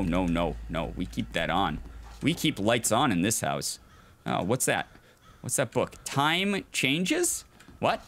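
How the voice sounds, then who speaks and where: A man's voice: mid-range voice, a bit bright. A man hosting a let's play, giving casual gameplay commentary, chatty and jokey, reacting aloud and chuckling often.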